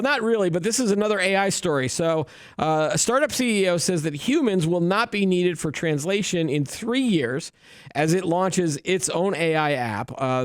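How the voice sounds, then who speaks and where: A man's voice: on the high side, smooth, dry recording, clean studio sound. A man hosting a tech news show, chatting casually and joking, with many restarts.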